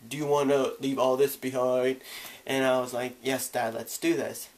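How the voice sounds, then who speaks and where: A young man telling his own coming-out story in a vlog, candid and casual, acting out the people he quotes with sudden jumps in pitch and volume. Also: little pitch movement, moderate pace, slight background noise. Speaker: vlogger.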